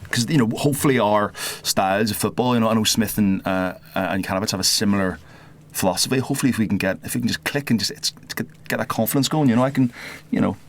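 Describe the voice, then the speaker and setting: A man's voice: fairly low pitch, fast talker, hardly any pauses. A man, a guest on a football podcast, chatting casually, agreeable and often repeating himself. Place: podcast booth.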